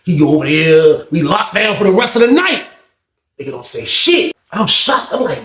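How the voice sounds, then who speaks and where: A man telling a prison story in casual talk, acting out other people's lines with shouts and slang. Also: high voice, normal speed, echoey room. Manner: animated, acts out shouted quotes in a raised voice; heavy profanity and slang.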